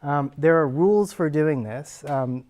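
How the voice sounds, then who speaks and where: A man's voice: fairly high pitch, measured pace, darkish tone. A man, a linguist who explains ideas to a class in a casual, conversational way using everyday examples. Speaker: linguist answering actors' questions.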